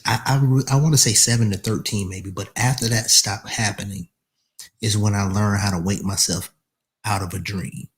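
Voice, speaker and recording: A man from Alabama in casual conversation, relaxed and conversational, sometimes mimicking voices as he retells things. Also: fairly low pitch. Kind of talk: casual chat.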